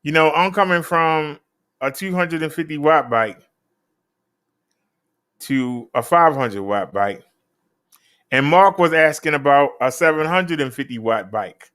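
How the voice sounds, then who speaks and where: A man's voice: a little high, measured pace, long pauses, fairly bright tone. A man hosting a casual live stream, chatting with viewers in a laid-back, direct way. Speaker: live-stream host reviewing e-bikes.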